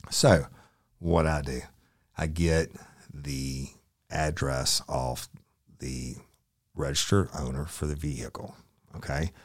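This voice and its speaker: Male storyteller, ex-lawman, very deep and dry, casual and profane. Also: fairly even intonation, slow, pauses often, dry recording. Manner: casual, profane, quotes people in dialogue. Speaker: former sheriff's investigator. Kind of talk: storytelling, recounting a case.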